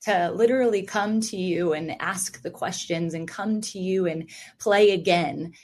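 A woman's voice: lowish voice, unhurried, darkish tone. A woman podcast host in casual interview chat, reflecting on faith and laughing easily.

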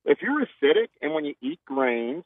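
A man's voice: a little high, sing-song, normal speed, no echo. Older man on a tinny phone line. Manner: earnest explaining, restarts, conversational. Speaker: nutritionist guest. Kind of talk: casual radio interview.

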